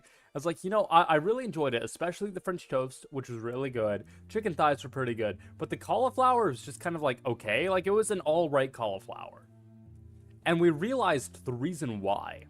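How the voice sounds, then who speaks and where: A man streaming a video game, chatting casually in a rambling, self-deprecating way and swearing freely. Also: fairly high pitch. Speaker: VTuber streamer.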